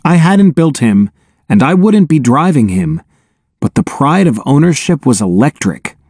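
A man narrating an audiobook in an expressive, wry first-person telling, on a close studio mic. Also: fairly high pitch, a little slow, slightly rough, no room sound.

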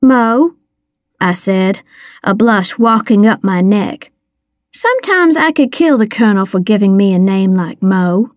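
A woman reading a first-person audiobook, with measured, wry storytelling. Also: medium pitch, lively intonation, no echo, studio quality. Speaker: audiobook narrator.

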